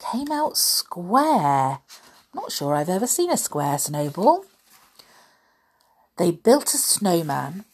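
A woman's voice: on the low side, husky. A woman reading a children's story aloud, asking her young listeners questions along the way. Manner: animated, asks listeners questions.

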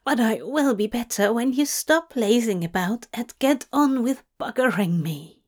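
Flustered, hoarse male angel, high and whiny, demanding and pleading in an audio story, voiced by a woman. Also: unhurried, a little mellow. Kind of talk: narrated fan-fiction reading.

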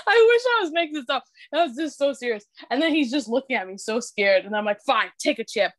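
A young woman from Canada in casual podcast chat, telling an animated story, cursing freely and laughing as she goes. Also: high voice, fast, dry recording.

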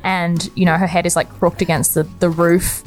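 A woman's voice: on the low side, flat delivery, moderate pace, faint music behind. A young woman telling a personal anecdote in a chatty, conversational way, laughing often. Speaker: storyteller.

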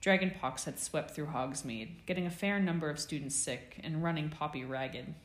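A woman narrating a fan fiction audiobook with a slow, measured reading. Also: low-pitched, roomy sound.

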